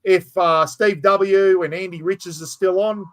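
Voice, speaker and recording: Hosting a laid-back live stream, a middle-aged man with an Australian accent speaks in a high, steady, slightly bright voice at a measured pace. He talks bluntly and chattily, cursing freely and calling everyone mate.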